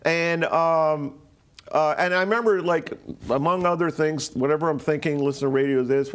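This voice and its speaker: Rambling older man, slightly high voice. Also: a little fast. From Rhode Island, USA. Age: 60s. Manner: rambling, full of "like" and restarts, swears for emphasis. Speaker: guest telling a personal story. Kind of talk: casual storytelling in an interview.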